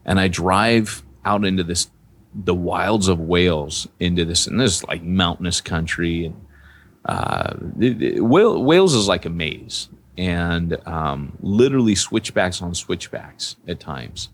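A man's voice: deep voice, very animated, unhurried, slight background noise. A man co-hosting a podcast, telling a personal story in a casual, rambling way with many restarts. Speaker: podcast co-host, church planter.

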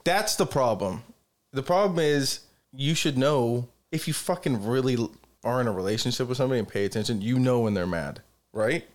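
A man's voice: mid-range voice, lively intonation, fairly quick. A man co-hosting a podcast, speaking bluntly and opinionated in casual chat, swearing often. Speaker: podcast co-host.

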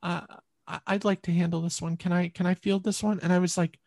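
A middle-aged woman, a podcast guest, telling a personal story in an earnest, halting way with many restarts. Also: lowish voice, little pitch movement, gravelly, darkish tone, no room sound.

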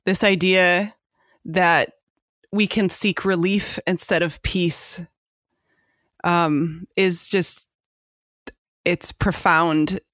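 A woman's voice: fairly low pitch, fairly even intonation, drawn-out words, pauses often, a bit bright, dry recording, studio quality. A woman co-hosting a casual faith chat, earnest and emotional, with many fillers.

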